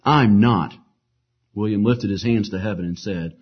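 A man's voice: fairly low pitch, moderate pace, breathy edge, lo-fi sound. A man reading martyr stories aloud as a preacher, voicing the quoted lines with rising force and breaking off for casual asides. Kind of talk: dramatic storytelling reading with asides.

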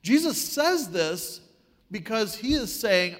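A man preaching a sermon, telling a story with wry, animated delivery. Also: high-pitched, a little slow, in a large hall.

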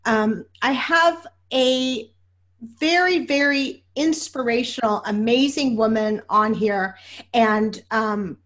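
A woman's voice: on the high side, takes it slowly, fairly bright tone. A woman hosting a podcast interview, effusive and emotional, talking with many fillers and restarts. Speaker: podcast host. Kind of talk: casual interview introduction.

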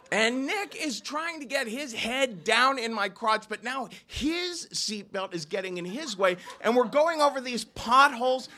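Man, from Ohio, live storyteller, high voice, very lively pitch, unhurried, acts out quoted voices. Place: small lounge, live audience.

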